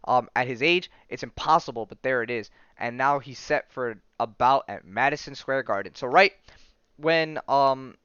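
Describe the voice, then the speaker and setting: Man, podcast host, rambling comic recap, smooth close voice, slightly dull sound. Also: medium pitch, moderate pace, no room sound. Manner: relaxed, rambling, many fillers and self-corrections. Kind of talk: casual comic book recap, reading dialogue aloud.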